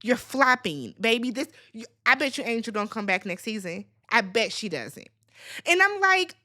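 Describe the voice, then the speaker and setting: Sassy, bright-voiced woman ranting. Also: sits high, animated, normal speed. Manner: sassy, blunt and profane, swinging into loud squeals. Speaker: recap channel host. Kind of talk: casual reality TV recap rant.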